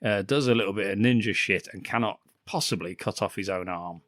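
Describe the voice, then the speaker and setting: A man's voice: on the low side, fairly quick, fairly bright tone, no room sound. Sweary podcast guy rambling about a bad movie, dry close sound. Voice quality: sweary, laughing, rambling recaps. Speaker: podcast co-host. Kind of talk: casual film-review banter.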